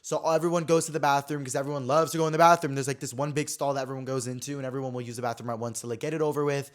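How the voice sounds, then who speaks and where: The speaker is a podcast host, a man in his twenties, whose medium-pitched, steady voice races along as he shares a personal story. His casual telling is full of fillers and moves between dramatic and subdued.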